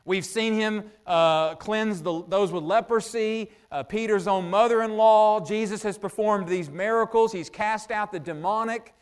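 A man delivering a sermon in a high voice. He talks it through like a conversation, tossing rhetorical questions to the congregation and pausing with "uh" as he works through his thoughts. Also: smooth. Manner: thinks out loud with frequent "uh" pauses. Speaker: preacher.

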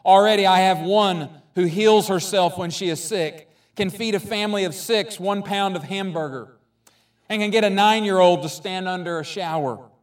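A preacher reading as the Lord, proud and tender. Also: male voice, high voice, moderate pace, recorded from a distance, lightly acted. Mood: eager.

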